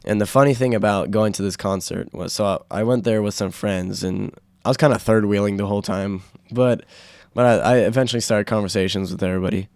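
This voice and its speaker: Young man, podcast host, sore throat, low voice, rambling, lots of fillers. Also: steady tone, a little fast, darkish tone, no room sound, studio quality. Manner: rambling, full of fillers and self-corrections. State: sore, strained throat from yelling. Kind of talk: casual solo podcast chat.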